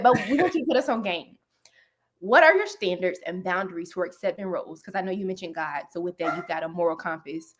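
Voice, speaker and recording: A woman's voice: fairly low pitch, quick pace, a little hiss or hum. Chatty woman hosting a live talk. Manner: chatty, slangy, upbeat. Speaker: host. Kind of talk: casual interview hosting.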